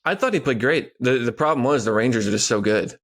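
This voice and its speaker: A man co-hosting a sports podcast, giving relaxed, rapid analysis with lots of "like" and "you know" in casual chat. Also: mid-range voice. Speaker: podcast co-host.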